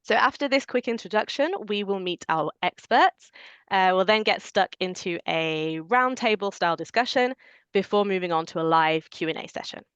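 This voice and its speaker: A woman moderating an online webinar, giving clear and orderly introductions in a welcoming way. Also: mid-range voice, animated, moderate pace, a bit bright, no echo, lo-fi sound. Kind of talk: scripted webinar hosting.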